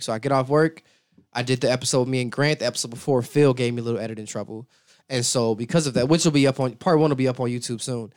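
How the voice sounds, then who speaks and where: A man's voice: mid-range voice, steady tone, quick pace, smooth. A young man hosting a podcast, chatting casually in a rambling, laid-back way with casual swearing. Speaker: podcast host. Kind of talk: casual chat.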